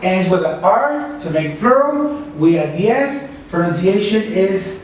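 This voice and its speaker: Slow-drilling male English teacher, echoey room. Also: high voice, animated, a little hiss or hum. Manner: slow, careful, repeats words for drilling. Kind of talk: classroom pronunciation lesson. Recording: echoey room, mic at a distance.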